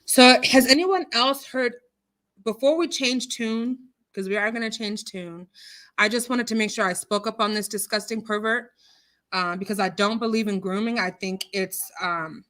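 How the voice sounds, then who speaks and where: This is a livestream host reading chat during a casual live stream: a woman with a fairly high, slightly bright voice at a normal pace. She voices viewer comments and reacts to them indignantly and outspokenly, recorded on a computer mic over a streaming call.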